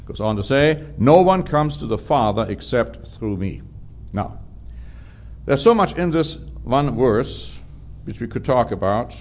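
A man's voice: mid-range voice, animated, unhurried. A man preaching a sermon, drawing out key words for emphasis.

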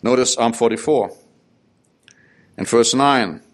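A male preacher delivering a sermon at a slow, measured pace. He reads scripture verses aloud and comments on them, and his voice climbs on the urgent pleas. His voice sits at a middle pitch.

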